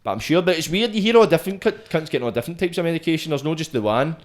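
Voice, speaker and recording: Fast-talking Glaswegian podcast host. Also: male voice, on the high side, lively intonation. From Scotland. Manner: quick, slangy, swearing, asks questions. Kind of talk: casual chat.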